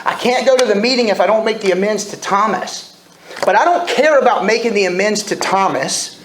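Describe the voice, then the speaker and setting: Telling his story openly at a recovery meeting, a man in his forties uses self-deprecating humor, his high, slightly bright voice animated and brisk. The meeting room sounds echoey with faint ambience, and there's slight background noise.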